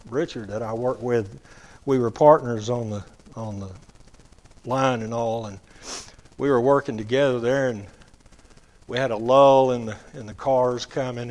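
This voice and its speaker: Male lay preacher, folksy testimony, mid pitch, drawn-out emphasis. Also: darkish tone. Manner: quotes others in acted voices. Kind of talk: testimony sermon.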